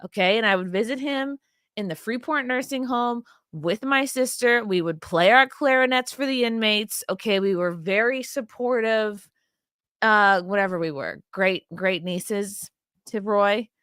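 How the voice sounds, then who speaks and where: A woman's voice: medium pitch, measured pace, fairly bright tone, clean tone, no room sound, studio quality. A woman hosting her own show, giving blunt, profane and rambling commentary on video clips with a sarcastic edge. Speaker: host.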